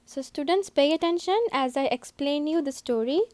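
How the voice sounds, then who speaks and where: A woman teacher giving a recorded English lesson to young pupils, speaking slowly and repeating herself to explain each step. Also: sits high, darkish tone, dry recording. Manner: slow, repetitive, explaining step by step.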